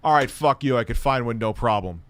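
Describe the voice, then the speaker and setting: A man's voice: medium pitch, lively intonation, brisk, smooth. A man hosting a reaction video, talking back at the clip in casual, profane, sarcastic commentary and muttering asides.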